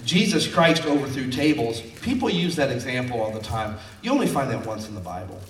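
A man's voice: medium pitch, very animated, brisk, fairly bright tone, far from the mic. A man preaching a folksy, conversational sermon in a church, mixing scripture with personal stories. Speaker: pastor. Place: church sanctuary. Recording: roomy sound from off mic.

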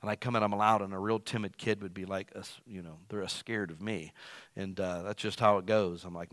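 A man preaching a sermon who calls himself loud. He swings from loud emphatic lines to quiet asides. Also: on the low side, a little fast, dry recording. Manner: self-described as loud. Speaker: pastor.

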